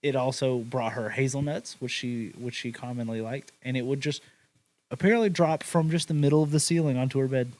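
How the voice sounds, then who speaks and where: A young man recounts a ghost story on a casual podcast. His delivery is relaxed and crude, full of swearing and "uh" and "like" fillers. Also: mid-range voice, fairly quick, low-quality recording. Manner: laid-back, swears a lot, hedges with "uh" and "like".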